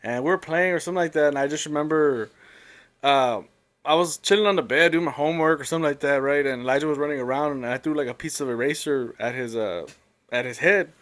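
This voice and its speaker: A man telling a long family story in a casual, rambling, animated way. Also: a little high, quick pace.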